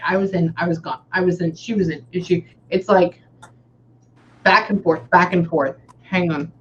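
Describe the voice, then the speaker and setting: A woman with a Texan accent, a medium in a casual reading session, chatting and relaying messages, often pausing to say "hang on". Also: fairly low pitch. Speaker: psychic medium. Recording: slightly dull audio with faint background noise.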